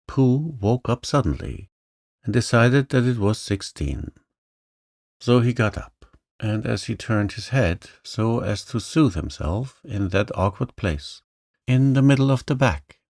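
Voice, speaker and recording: A man narrating a bedtime story in a slow, soothing, gentle manner. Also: on the low side, vocal fry, no room sound, clean studio sound. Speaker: audiobook narrator. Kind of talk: calm bedtime story reading.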